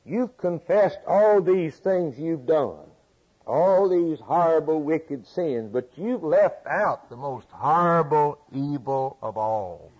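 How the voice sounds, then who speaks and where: Preacher doing a stern old evangelist scolding a young guy, slow, husky. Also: a little high, expressive, a little mellow, pitched above the performer's own voice, exaggerated voice, low-quality recording. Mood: admonishing. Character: stern older male evangelist rebuking a youth.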